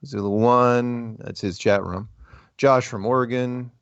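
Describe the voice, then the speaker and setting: A man's voice: mid-range voice, steady tone, a little slow, clean tone, no room sound. A man hosting a call-in show, rambling in a casual, joking, self-deprecating way. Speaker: radio call-in show host. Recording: dry, dull lo-fi audio.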